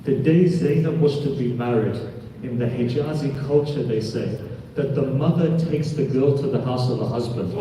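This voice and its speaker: A man's voice: medium pitch, normal speed, few pauses, mellow. A man, a cleric, giving a mourning sermon and telling stories, questioning the congregation directly and earnestly. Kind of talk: sermon with storytelling narration. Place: large hall with a congregation. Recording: echoey hall, distant mic, background noise.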